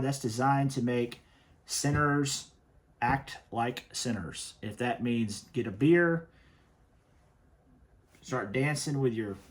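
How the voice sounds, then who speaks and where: A man hosting a commentary show, talking in an emphatic, stern way and often repeating himself. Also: medium pitch. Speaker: host reviewing worship music. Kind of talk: opinionated commentary.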